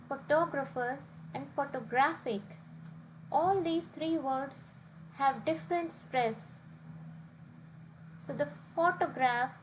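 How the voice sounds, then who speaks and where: A woman's voice: sits high, background noise. A young woman teaching pronunciation rules in a methodical, step-by-step way, giving example after example. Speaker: language test tutor. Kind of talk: instructional explainer.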